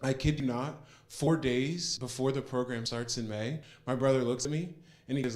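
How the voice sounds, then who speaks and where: A man's voice: mid-range voice, moderate pace. An earnest young man giving a personal testimonial, retelling a story and repeating words for emphasis. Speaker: program participant giving a testimonial.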